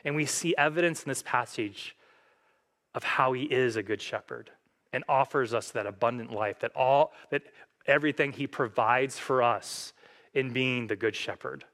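A man's voice: moderate pace, a bit bright. A man pastor preaching a sermon in an earnest way, reading scripture aloud and lifting his voice as he quotes it. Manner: earnest, reads scripture aloud, rises in pitch and force when quoting.

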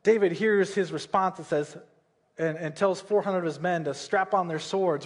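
A man's voice: sits high, normal speed. A man preaching a sermon, retelling a Bible story in a casual way and often checking in with "right?" and "okay?".

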